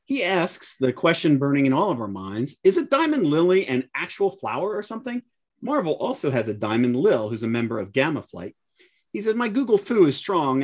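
A man co-hosting a podcast, reading listener feedback aloud in a chatty, easygoing way. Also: fairly high pitch. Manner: chatty, reads letters aloud with light laughs. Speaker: podcast co-host.

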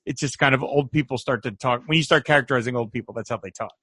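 Male podcast co-host, mid-range voice, dry booth sound, lively casual film chat. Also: mid-range voice, quick pace, breathy edge, no echo. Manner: animated, acts out quoted voices.

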